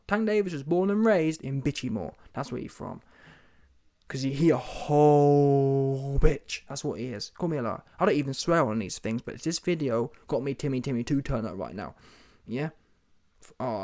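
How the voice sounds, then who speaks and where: A man's voice: mid-range voice, darkish tone. Brash man ranting. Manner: brash, mocking, heavy street slang. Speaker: commentary vlogger. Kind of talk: mocking commentary rant.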